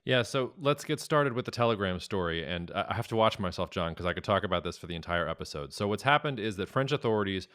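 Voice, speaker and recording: A man co-hosting a podcast, giving casual analysis in a measured, explanatory way. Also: on the low side, animated, fairly bright tone, smooth, no room sound, clean studio sound. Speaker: co-host analyst.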